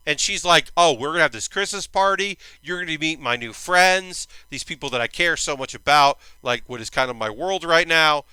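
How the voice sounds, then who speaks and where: A man's voice: a little high, bright, forceful tone, clear, resonant tone, dry recording, poor audio. A man hosting his own stream, chatting casually and enthusiastically through an anime recap, a little tired and yawning, with rambling fillers. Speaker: streamer and host.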